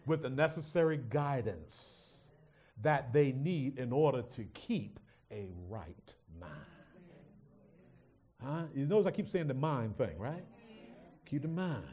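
Animated preacher, soft to shouting. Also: male voice, medium pitch. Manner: dramatic swings from hushed to shouting, teasing congregation. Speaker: pastor. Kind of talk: sermon.

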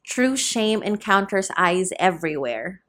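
A woman's voice: medium pitch, animated, unhurried, a bit bright. Woman narrating a novel. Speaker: audiobook narrator.

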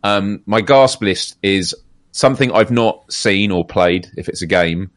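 A man's voice: lowish voice, measured pace, no room sound. A man co-hosting a casual gaming podcast, thoughtful and a little hesitant, self-deprecating. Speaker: podcast co-host.

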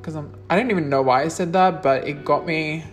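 A woman's voice: low-pitched, fairly quick, faint music behind. A young adult woman, answering questions in a casual vlog, blunt and sweary, with lots of likes and ums. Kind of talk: casual Q&A monologue.

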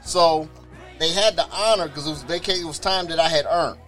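A man's voice: on the high side, brisk, faint music behind. A man casually telling a personal testimony, acting out other people's voices and often repeating or restarting words. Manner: animated, acts out others' voices in quoted dialogue. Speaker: storyteller sharing a personal testimony.

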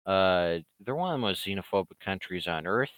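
A man with a lowish, forceful voice delivers a rambling, profane rant to his online followers. He swears freely, mocks his critics and keeps circling back over his points. The recording is dry, with no room echo. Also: expressive. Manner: profane, rambling, quick to mock. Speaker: comic creator addressing his online fans. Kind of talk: casual ranting monologue.

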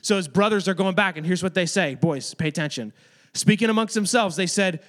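A man's voice: high voice, brisk, fairly bright tone. A man giving a casual, chatty Bible lesson to a room of kids, talking to them directly. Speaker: youth or kids' ministry teacher. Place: room with children.

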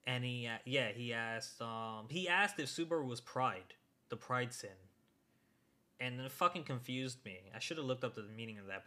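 A young man chats loosely with a friend about an episode he just watched. His voice is bright and forceful. He swears and climbs high when he gets worked up. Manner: excitable, swears, rises sharply when worked up. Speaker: podcast co-host. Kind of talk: casual chat recapping an anime episode.

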